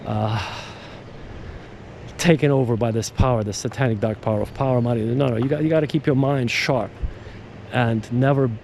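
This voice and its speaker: A man's voice: medium pitch, steady tone, moderate pace, a little mellow, slight background noise. A man hosting a podcast, talking in a casual, digressive monologue that repeats words and restarts sentences. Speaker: podcast host.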